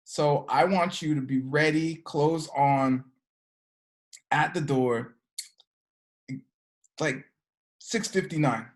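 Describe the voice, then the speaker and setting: A woman's voice: deep voice, takes it slowly, pauses often, voice pushed down. A woman voicing a stressed working mother who orders and scolds her children. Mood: firm instructing. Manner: scolding, bossy.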